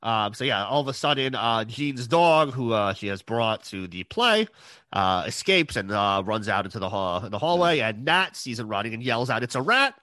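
A man's voice: lowish voice, sing-song, moderate pace, sharp tone, no echo. A man recapping a TV episode in casual chat, hesitant, with many fillers and restarts. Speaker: podcast co-host recapping an episode.

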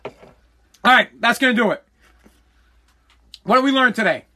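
A man with a Boston accent hosting a solo podcast, ranting loudly and combatively with plenty of swearing. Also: very high voice, expressive, normal speed. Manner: loud, combative ranting with profanity. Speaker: podcast host.

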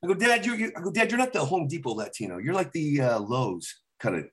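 A man's voice: fairly high pitch, fast. Middle-aged guy, comic telling family stories, keeps doing everyone's voices, easygoing chat. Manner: animated storyteller acting out his dad's lines. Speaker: comedian guest. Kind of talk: casual storytelling chat.

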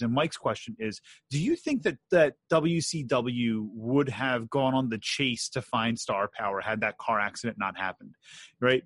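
A man's voice: medium pitch, fairly bright tone, no room sound. A man hosting a podcast, asking long rambling questions with fillers and joking. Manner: rambling, hesitant with fillers, jokey. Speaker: podcast host. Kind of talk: casual chat.

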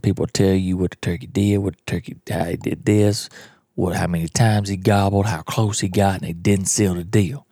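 A man's voice: on the low side, mellow, slightly rough, no room sound, clean studio sound. A man, telling a hunting story in a folksy, blunt, drawling way as a podcast host. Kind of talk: storytelling monologue.

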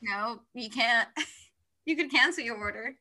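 Woman co-host, bright tone, eager, casual book talk. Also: a little high, measured pace. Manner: enthusiastic, reads passages aloud. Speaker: podcast co-host. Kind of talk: casual chat about books.

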